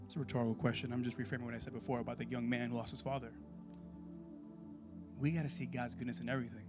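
With a mid-range voice, a man leads a church Bible class in a casual, sermon-like style, animated and conversational and full of rhetorical questions.

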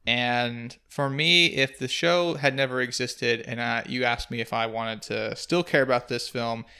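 A man's voice: medium pitch, steady tone, a little slow, bright, forceful tone, clean tone. A man hosting a podcast, discussing a film in a thoughtful, analytical way and asking leading questions. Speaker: podcast host.

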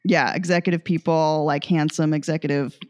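A woman's voice: low-pitched, steady tone, brisk, darkish tone. A woman podcast host telling a story in a casual, rambling way, often laughing and acting out what people said. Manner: rambling, laughing, acts out quoted voices.

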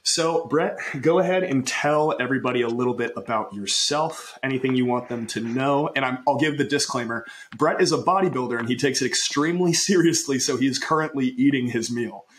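A man's voice: mid-range voice, fairly quick, few pauses, a little hiss or hum. A man hosting a casual podcast, upbeat and chatty, laughing often and running his sentences together. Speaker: podcast host.

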